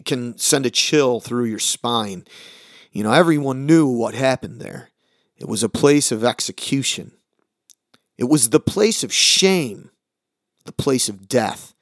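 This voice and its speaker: A man preaching a short podcast sermon, earnest and deliberate, letting his voice sink low and slow on the words that matter. His mid-pitched voice is recorded dry and close to the mic. Soft music plays faintly underneath. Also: no echo. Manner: earnest, dramatic pauses, drops low on key words. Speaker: pastor.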